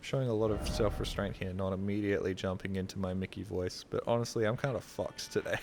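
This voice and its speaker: A man's voice: deep voice, fairly even intonation, fast, hardly any pauses, noisy background. Profane, rambling male game streamer. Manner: rambling, profane, joking asides. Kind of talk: casual live-stream gaming commentary.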